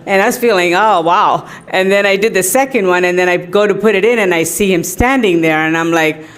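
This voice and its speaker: Woman, middle-aged, medium pitch, chatty anecdotes, tribute talk. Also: quick pace. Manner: chatty storytelling, often laughing, many fillers. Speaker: devotee giving a tribute to her teacher.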